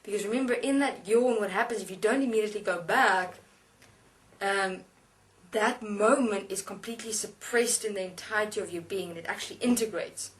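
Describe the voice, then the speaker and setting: A woman giving a spiritual lecture as a channeled being, speaking slowly and deliberately with halting pauses. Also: mid-range voice. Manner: slow, halting, deliberate instruction. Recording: voice distant from the mic.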